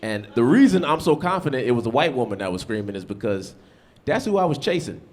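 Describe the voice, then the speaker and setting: A man doing a stand-up comedy set on a club stage, with punchy, animated storytelling and asides to the crowd. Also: mid-range voice, quick pace. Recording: live club with loud background noise.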